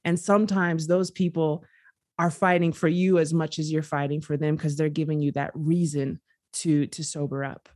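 A woman, a guest author, talking candidly in a podcast conversation with earnest, animated storytelling. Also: low voice, moderate pace.

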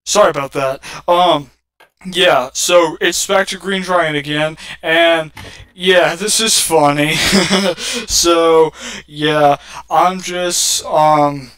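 A man's voice: on the high side, steady tone, takes it slowly, a bit bright, clean tone. A man chatting casually and goofily in a vlog, rambling from one thing to the next. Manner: rambling, goofy. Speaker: YouTuber.

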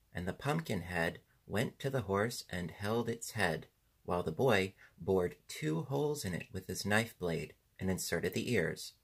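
A man narrating a children's storybook in a steady, measured reading. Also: low voice, husky. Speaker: audiobook narrator.

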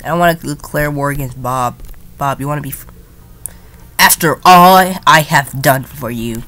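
A woman giving playful, jokey commentary while playing a strategy game, often jumping into silly high voices. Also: moderate pace, fairly bright tone. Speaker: gaming YouTuber. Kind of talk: casual gameplay commentary.

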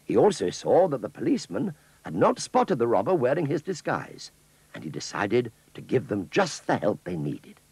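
A man narrating a children's cartoon story in an expressive storytelling manner. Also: mid-range voice, moderate pace, husky.

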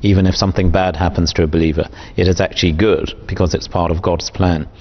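A man hosting a studio panel discussion, calmly putting questions to his guests. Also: sits low. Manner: measured, posing questions to panelists. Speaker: show host. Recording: dull lo-fi sound, faint noise.

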